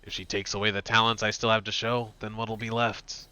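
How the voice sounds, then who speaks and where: A man reading the lines of an aloof young male snowboarder gym leader from a video game, quiet, flat and brooding. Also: on the low side, fairly quick, clean tone. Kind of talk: reading game dialogue aloud.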